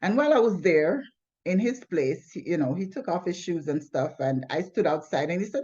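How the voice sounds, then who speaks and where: A woman's voice: on the low side, expressive, normal speed, mellow, husky. A woman telling her personal testimony in an earnest, plainspoken way, often restarting her sentences. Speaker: testimony sharer. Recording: slightly dull lo-fi recording.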